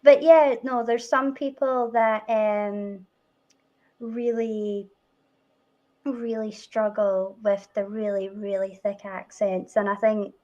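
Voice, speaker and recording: A woman's voice: mid-range voice, steady tone, slow pace, darkish tone, dull audio. A Scottish woman hosting a stream in casual chat, chatty and laughing often. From Scotland. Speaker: stream host.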